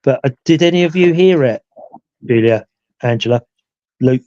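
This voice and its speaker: A man speaking at normal speed in a dark, mid-range voice rambles through a ghost hunt story on a live chat show, with many "you know" asides. He's a ghost hunter and a regular on the show. The recording sounds dry and dull.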